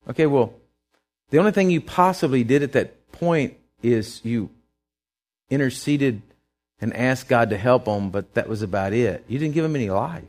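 A middle-aged male preacher giving a sermon, telling stories and swinging from quiet asides to loud, emphatic lines. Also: mid-range voice, animated, moderate pace, soft background music.

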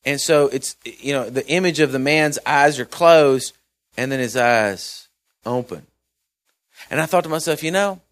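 A man's voice: mid-range voice, dry recording. Folksy preacher man, dry sound. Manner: folksy and chatty, swinging between loud and hushed. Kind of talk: conversational Bible-study sermon.

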